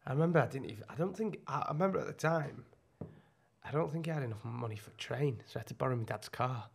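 A man's voice: medium pitch, animated, fast, vocal fry, a little hiss or hum. A young man co-hosting a podcast, chatting casually with a teasing streak. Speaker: podcast co-host. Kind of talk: casual chat.

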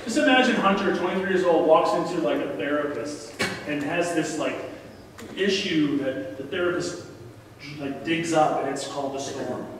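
In a big church sanctuary, a guest preacher in his forties gives a conversational sermon, echoing his key lines and appealing to the congregation. His voice is a little high and a bit bright, at normal speed, recorded distantly in a reverberant hall with slight noise.

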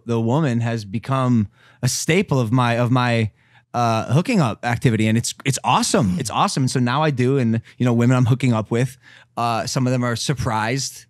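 A man's voice: medium pitch, no echo, studio quality. A young man co-hosting a podcast who tells a rambling, crude, self-mocking story with many fillers. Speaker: podcast co-host. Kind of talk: casual storytelling chat.

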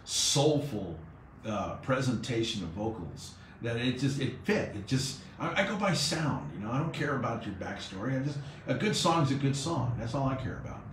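A male radio host spins a story in a lively way, slipping into the voices of the people he quotes. His voice sits in a roomy studio. A faint hiss runs under it. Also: mid-range voice, moderate pace.

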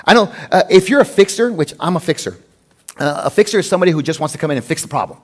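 A man's voice: on the high side, rapid-fire. A man preaching a sermon as pastor, mixing scripture reading with conversational, humorous personal stories. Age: adult with a wife. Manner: conversational, animated storytelling with humor.

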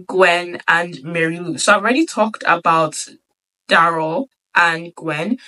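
A woman's voice: fairly low pitch, a little slow, bright, forceful tone, low-quality recording. Chatty woman retelling a book. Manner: chatty, filler-heavy retelling with frequent "like". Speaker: book vlogger. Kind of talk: casual book review chat.

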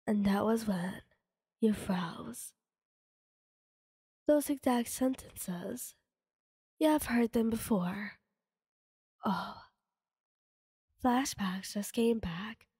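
A woman reading her own fan story aloud in a soft, half-whispered voice. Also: a little high, husky, dry recording, clean studio sound, big-room sound.

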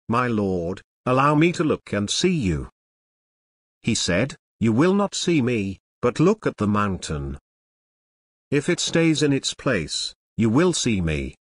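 Man reading scripture in short measured phrases. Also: medium pitch, fairly bright tone, no echo, studio quality. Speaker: scripture reader.

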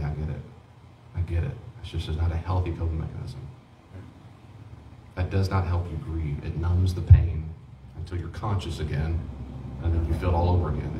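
A man with a low voice teaches a grief class before a small group, talking fast and folksy. He acts out quoted exchanges. The sound is roomy and distant, with faint noise behind. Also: dull audio. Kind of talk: informal church teaching.

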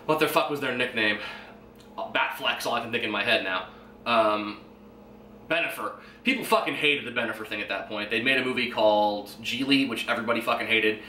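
A man's voice: mid-range voice, a little fast, sharp tone. A man in his twenties hosting a podcast, rambling casually and swearing freely. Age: 20s. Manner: rambling and profane, with fillers and chuckles. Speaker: podcast host. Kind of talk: casual solo monologue. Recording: echoey room, faint background noise.

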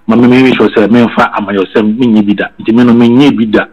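A man's voice: on the low side, fairly even intonation, quick pace, a little mellow, lo-fi sound. A Ghanaian man talking casually, switching between Twi and English and often repeating his words. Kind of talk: casual chat. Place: living abroad in England.

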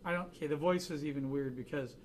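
A man's voice: on the high side, fast talker, darkish tone, a little hiss or hum. A man teaching a drawing class, chatting casually and joking through anecdotes in front of students. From United States. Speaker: art instructor.

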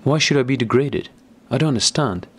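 Guy doing a meek soft-spoken brother, a bit higher than his narration, storybook. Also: fairly quick, slight background noise, close to an everyday voice. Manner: meek, mild. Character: meek, gentle younger brother visiting.

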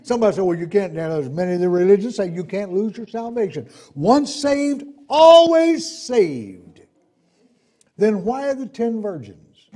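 Husky-voiced preacher, animated and emphatic. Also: male voice, fast, few pauses. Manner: animated preaching, swinging from loud emphasis to low asides, acts out quoted voices. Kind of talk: sermon.

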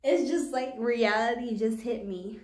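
A woman's voice: fairly high pitch, a little slow, roomy sound. A woman chatting casually through a home haircut in her vlog, flustered, swearing and laughing nervously. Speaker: hair vlogger. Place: echoey room at home.

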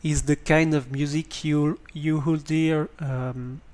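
A man with a French accent giving a hesitant spoken tutorial on a basic microphone, pausing often with ums and restarts. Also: fairly high pitch, steady tone, a little mellow. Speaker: tutorial presenter.

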